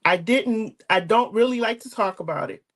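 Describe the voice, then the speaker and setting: A woman's voice: fairly high pitch, normal speed, fairly bright tone. An older woman hosting an online talk show, telling a personal story in an earnest, emotional way over a video call. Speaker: host.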